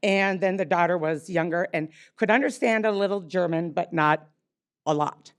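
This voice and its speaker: A woman's voice: lowish voice, normal speed, clear, resonant tone. A woman in her sixties, a wine bar owner speaking unprepared at a public meeting, rambling with many fillers and restarts. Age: 60s.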